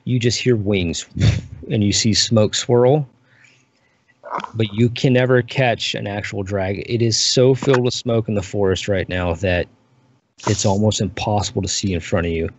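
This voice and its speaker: A man narrating as dungeon master, describing scenes in a relaxed, unhurried way. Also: on the low side, slight background noise. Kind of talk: narrating a tabletop game. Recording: muffled lo-fi recording.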